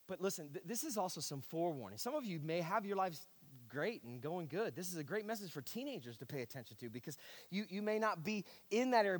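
A man's voice: on the high side, big-room sound. A male pastor preaching a sermon, earnest and repetitive, with a wry, self-deprecating sarcasm.

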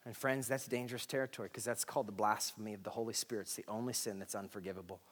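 A man's voice: lowish voice, steady tone, rapid-fire. A middle-aged man preaching a sermon from a church stage, emphatic, repeating key words and speaking straight to the congregation. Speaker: pastor. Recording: long echoing hall reverb.

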